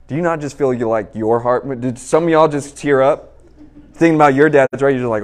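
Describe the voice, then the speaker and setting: A man's voice: fairly high pitch, fairly quick. A man in his thirties preaching a sermon, telling a personal story in a conversational way and speaking straight to his audience.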